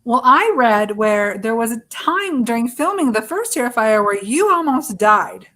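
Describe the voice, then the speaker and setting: A chatty woman host talks casually and familiarly with her guest, using easy terms of endearment. Her voice sits somewhat high for a woman. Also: sing-song, moderate pace, fairly bright tone. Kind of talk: casual interview chat.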